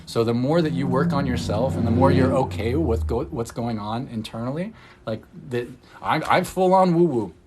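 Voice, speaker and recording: A man, an energy healer, talking in a casual, rambling livestream chat, candid and excitable, swearing freely and laughing often. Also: medium pitch, normal speed, very noisy. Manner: loose rambling talk full of "like". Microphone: phone livestream.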